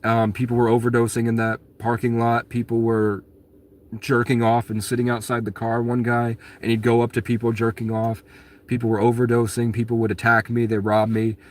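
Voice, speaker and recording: A man at a medium pitch talking straight to his viewers in a loose, rambling monologue. He sounds aggrieved, keeps restarting his sentences and swears bluntly. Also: completely flat delivery, brisk. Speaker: vlogger answering viewer questions. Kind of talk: casual storytelling monologue.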